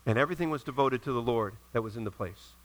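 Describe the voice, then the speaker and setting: A middle-aged male pastor preaching a sermon, retelling stories in a lively way and acting out the characters' lines. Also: medium pitch, fast talker, low-quality recording. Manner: animated storytelling with acted-out quotes.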